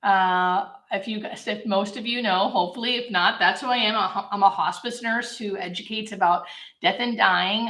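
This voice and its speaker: On a live-stream Q&A, a hospice nurse from Southern California chats upbeat while answering viewers' questions. Her medium-pitched voice sounds pushed and bright, picked up by a camera mic in an echoey room.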